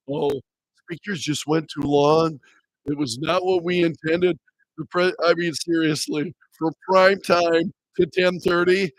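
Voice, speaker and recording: Sarcastic talk radio host, high voice. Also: male voice, a bit bright, no echo, low-quality recording. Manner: sarcastic, laughs often, mocks what he reads. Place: radio studio. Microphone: studio microphone.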